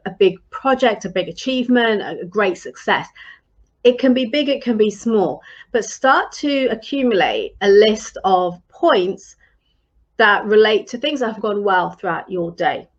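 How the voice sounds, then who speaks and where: A woman's voice: medium pitch, expressive, a little slow, dull audio. A woman leadership coach giving advice in a live-streamed talk, earnest and encouraging, with frequent ums and restarts.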